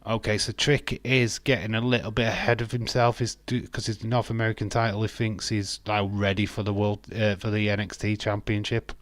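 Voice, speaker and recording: A man's voice: on the low side, little pitch movement, a little fast, few pauses, fairly bright tone, dry recording. A man with an English accent, chatting casually as host of a live wrestling watch-along, joking and answering viewer messages. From England. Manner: chatty, jokey, reads viewer chat aloud.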